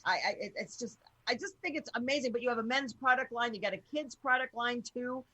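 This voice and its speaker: Husky, blunt woman hosting a chat show. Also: a little high, fairly quick, bright, forceful tone, dry recording. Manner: blunt, rambling, swears casually. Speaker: radio show host. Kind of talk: casual interview chat.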